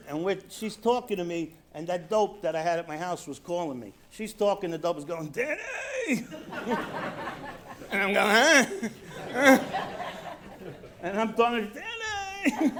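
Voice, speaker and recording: New york guy telling his recovery story, voice sits high, goes quiet then laughs at himself. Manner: storytelling with acted quotes, drops to quiet emphasis, laughs at himself. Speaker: recovery speaker. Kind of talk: personal story at a recovery convention. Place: convention hall stage.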